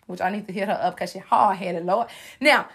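A woman's voice: medium pitch, fairly quick, creaky, fairly bright tone. A young adult woman hosting a casual advice monologue, sassy and playful, preaching to her listeners in slangy everyday talk. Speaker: host giving life advice.

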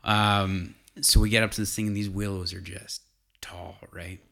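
A man's voice: low-pitched, little pitch movement, moderate pace, vocal fry, sharp tone. A man telling a casual hunting story, rambling with fillers and restarts.

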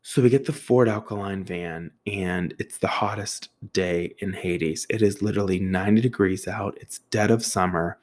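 A man's voice: low-pitched, normal speed, hardly any pauses, a little mellow. A young man telling a casual, profane anecdote, acting out other people's voices and sound effects with a self-mocking manner. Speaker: storyteller.

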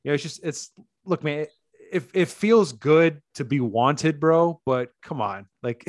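A man's voice: fairly high pitch, measured pace, no room sound, studio quality. Blunt, swearing podcast guy. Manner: blunt, swears freely, laughs mid-sentence. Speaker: podcast co-host. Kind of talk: casual chat.

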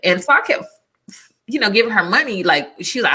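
Bright husky woman telling a story. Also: mid-range voice, fast. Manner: animated, emphatic storyteller. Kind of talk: casual storytelling chat.

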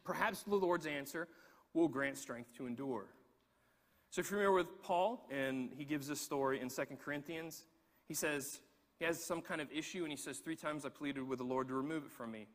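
A man preaching a sermon, telling a personal story in an animated way and repeating words as he gets going. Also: on the high side, moderate pace, long reverb tail. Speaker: pastor.

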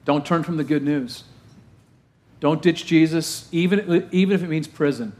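Emphatic preaching pastor, raised voice. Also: male voice, a little high, a little mellow. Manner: rhetorical questions, emphatic repetition, dramatic pauses; slows down heavily to stress key phrases. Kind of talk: sermon.

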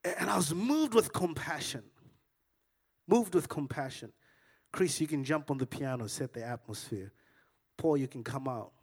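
Animated male preacher telling a story. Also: on the high side, moderate pace, long pauses, slightly rough. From Africa. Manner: storytelling, animated, rising to loud excited peaks. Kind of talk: sermon. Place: church.

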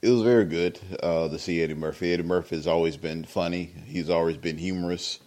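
A podcast host with a somewhat low voice gives casual commentary. He rambles and fills gaps with "uh" and "I mean" as he gives his opinions. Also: fairly even intonation, fast talker, darkish tone. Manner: rambling, opinionated, filler-heavy.

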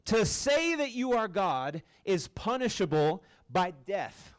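A man's voice: high-pitched, very animated, takes it slowly, hardly any pauses, clean tone. A man preaching to a campus group in a casual, joking way, often checking in with the room. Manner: casual, joking, keeps asking the crowd "right?". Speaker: campus ministry speaker. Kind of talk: sermon.

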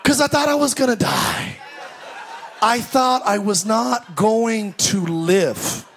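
Man, pastor, high voice, sermon at a church service, storytelling, shouted exclamations. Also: takes it slowly, slight background noise.

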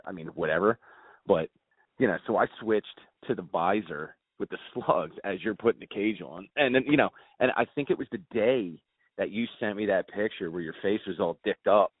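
A man's voice: sits low, normal speed, breathy edge, no echo. A man in his forties chatting casually, teasing and swearing in a laid-back way. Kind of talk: casual chat. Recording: dry, phone-like narrow sound.

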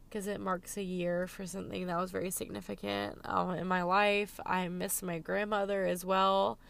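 A woman's voice: on the low side, creaky. A young woman vlogging in a casual, emotional chat, talking to her viewers and filling her talk with "like" and "um". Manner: chatty, emotional, lots of "like" and "um". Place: Los Angeles.

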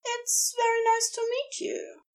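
A woman's voice: very high voice, monotone, unhurried, recorded from a distance, pitched above the performer's own voice. A woman voicing a posh, courteous male magician in a story reading. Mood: polite.

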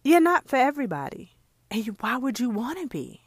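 A woman's voice: fairly high pitch, sing-song, a little fast, husky, no echo, clean studio sound. A woman hosting a casual solo podcast, a jewelry maker talking earnestly and chatting straight to her listeners with lots of asides. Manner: earnest and heartfelt.

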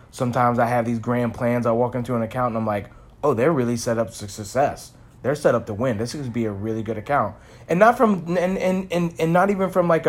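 Candid, rambling man reflecting aloud. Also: mid-range voice. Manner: rambling, searching, frequent restarts; candid, self-examining. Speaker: vlogger in sales. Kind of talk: reflective personal vlog.

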